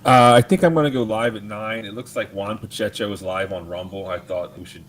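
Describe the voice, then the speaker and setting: A man talking in an easygoing, soft way as a guest in a casual panel chat. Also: fairly low pitch, brisk. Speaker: panel guest and channel owner.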